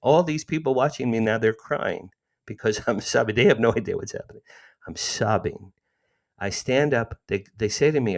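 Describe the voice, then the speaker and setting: Man, 60s, low-pitched interview guest; animated, emotional storyteller. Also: moderate pace. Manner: animated, emotional retelling with frequent restarts.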